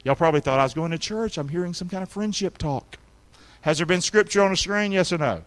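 A man preaching a sermon as a pastor, with emphatic call-and-response and sudden shouted lines for emphasis. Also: high-pitched, expressive, fast. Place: church sanctuary.

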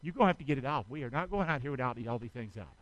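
Racing through his words, this pastor's medium-pitched, expressive voice urges his church congregation to respond while he carries out a demonstration during the sermon, audibly out of breath. The recording is dry, with the high frequencies cut off.

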